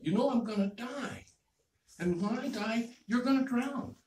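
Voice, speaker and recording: A man's voice: very high-pitched, unhurried, a little mellow, pitched above the performer's own voice. A man voicing a worried frog who reproaches a scorpion that has just stung him. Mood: reproachful. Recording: echoey hall, distant mic, faint noise.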